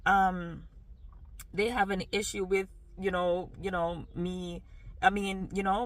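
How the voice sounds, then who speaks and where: A woman with a light Jamaican accent, talking frankly and emphatically in a personal vlog, with many "you know" fillers. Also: mid-range voice. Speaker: vlogger.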